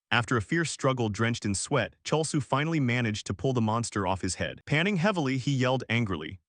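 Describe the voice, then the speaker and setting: Animated male recap narrator. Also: mid-range voice, fairly quick, dry recording, clean studio sound.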